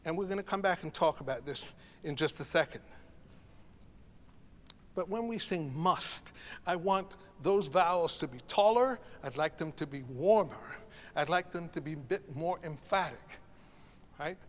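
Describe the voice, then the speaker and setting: A man's voice: fairly high pitch, animated, measured pace. Man coaching a choir in a reverberant hall. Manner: encouraging, reflective, coaching. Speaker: choral conductor. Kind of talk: teaching a choral masterclass. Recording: reverberant hall, faint ambience.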